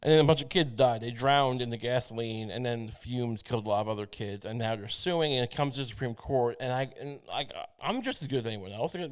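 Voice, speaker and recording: A man talks into a podcast mic, riffing on a comic rant in a middle-pitched voice. He rambles and swears, trips over his words and restarts. The tone is loose and unscripted. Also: darkish tone. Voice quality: profane, halting delivery with many restarts. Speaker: podcast host. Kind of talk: rambling comedic monologue. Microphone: podcast microphone.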